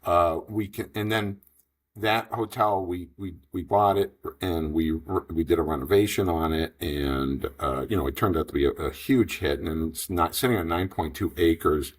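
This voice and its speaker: Guest, male, 50s, low husky voice, rambling anecdotal storyteller. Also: moderate pace. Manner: rambling, animated storyteller acting out dialogue. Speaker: franchise investor guest. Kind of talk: storytelling in a podcast interview.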